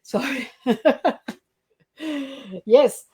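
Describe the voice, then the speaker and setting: A woman's voice: on the high side, very slow, dark tone, husky, rough recording. An Australian woman hosting a live cooking stream, chatting casually, reading out viewer comments and laughing easily.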